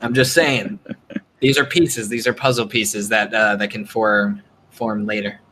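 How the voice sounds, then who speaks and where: Guy rambling about boss fights, kinda low voice, faint hiss behind. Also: unhurried, rough recording. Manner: animated, rambling with fillers. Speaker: podcast host. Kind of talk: casual gaming chat.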